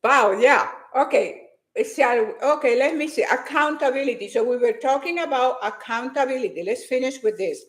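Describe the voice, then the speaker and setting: A woman's voice: high voice, moderate pace, echoey room. A woman giving a hyper, emphatic motivational talk to her live-stream viewers, repeating her points with force.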